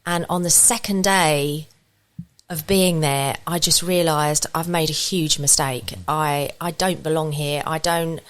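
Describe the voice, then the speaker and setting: A woman's voice: low voice, fairly even intonation, measured pace, clean tone. A woman from England, a podcast guest, talking in a chatty, rambling storytelling way into a studio podcast mic. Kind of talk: casual podcast chat.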